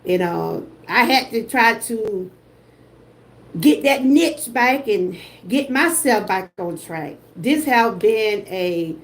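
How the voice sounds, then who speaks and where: A woman's voice: medium pitch, lively intonation, slow. A woman with a Southern US accent hosting a casual livestream, emotional and effusive as she greets the people in her chat. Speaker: host.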